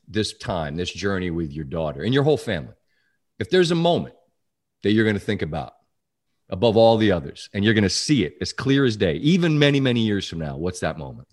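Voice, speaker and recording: A man hosting a podcast in casual chat, teasing his guest and openly sentimental. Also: sits low. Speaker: podcast host.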